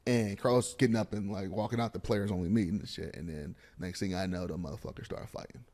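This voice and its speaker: A man in his thirties, a guest on a studio podcast, telling profane, animated stories and acting out the voices in them. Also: on the low side, fast talker. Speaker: podcast guest, former college quarterback.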